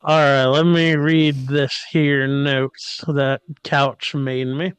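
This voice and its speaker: A man's voice: medium pitch, flat delivery, takes it slowly, smooth, no echo. A man co-hosting a podcast, casually recapping an episode and jokingly mimicking the characters. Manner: jokey, mimics characters in quotes. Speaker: podcast co-host.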